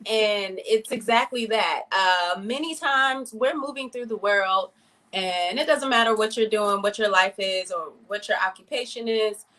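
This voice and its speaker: A woman guest on a video call, explaining yoga ideas in a steady conversational way, walking through everyday routines as examples. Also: mid-range voice, measured pace. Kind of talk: casual explanation.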